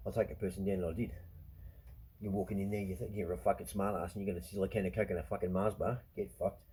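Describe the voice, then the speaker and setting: A man's voice: sits low, steady tone, warm tone, slightly rough, low-quality recording. A middle-aged Australian man, host of his own show, swearing constantly through a ranting, blunt monologue. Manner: swears constantly, rants, quick to anger. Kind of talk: profane monologue.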